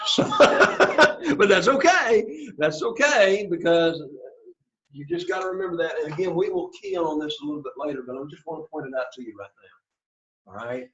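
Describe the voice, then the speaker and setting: A man teaching an introductory Greek class in a classroom, repeating phrases and often checking in with "right?" and "okay?". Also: mid-range voice. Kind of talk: classroom lecture. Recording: roomy classroom, dull lo-fi sound.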